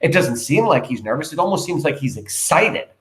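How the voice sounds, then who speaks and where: A man's voice: on the high side, sing-song, a little fast, roomy sound. Chatty male teacher explaining a play. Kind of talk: reading a play aloud and explaining it to a class.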